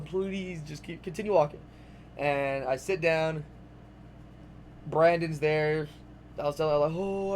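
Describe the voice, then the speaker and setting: A young man recounts a story in a loose, rambling vlog style, with a voice that sits a touch higher than most men's. He talks animatedly, leans on filler words, and swears without hesitation. Faint background noise runs underneath. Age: young adult. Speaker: vlogger.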